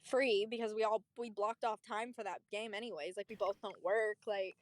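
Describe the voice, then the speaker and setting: A young woman streamer chatting casually, telling a story in an animated, profane way. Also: mid-range voice, normal speed. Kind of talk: casual chat.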